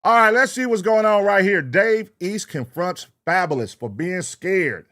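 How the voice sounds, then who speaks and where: A man's voice: high-pitched, lively intonation, a little slow, fairly bright tone. A man hosting a reaction show, talking casually and profanely straight to his viewers.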